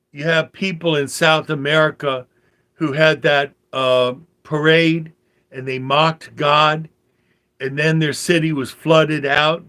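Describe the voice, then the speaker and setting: An older man giving a rambling religious commentary monologue, talking slowly with fillers and repeated phrases. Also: fairly high pitch, bright, forceful tone. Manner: slow, meandering talk with fillers and repeated phrases. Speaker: vlogger.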